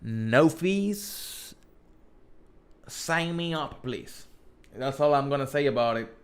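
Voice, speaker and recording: A man's voice: mid-range voice, lively intonation, takes it slowly. A man with a thick Spanish accent hosting a casual live stream, reading viewer questions aloud and rambling with many restarts and self-corrections. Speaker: host.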